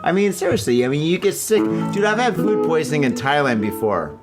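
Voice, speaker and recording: A man's voice: a little high, big pitch swings, brisk. A man hosting a podcast, chatting casually, joking and swearing freely as he tells stories. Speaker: podcast host. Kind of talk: casual interview chat. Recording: clear guitar music behind.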